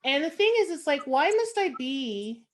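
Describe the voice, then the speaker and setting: A woman's voice: high-pitched, big pitch swings, normal speed. Frank Canadian woman doing stand-up. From Montreal, Canada. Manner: frank, sardonic, conversational with many fillers. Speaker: stand-up comedian. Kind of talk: stand-up comedy set over video call. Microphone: video call.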